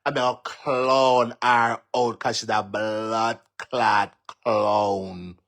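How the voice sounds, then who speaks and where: A man's voice: lowish voice, little pitch movement, extremely slow, fairly bright tone. A man with a Jamaican accent delivers a mocking, cursing online rant, taunting and repeating himself as he goes. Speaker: social media commentator. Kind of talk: ranting live-stream monologue.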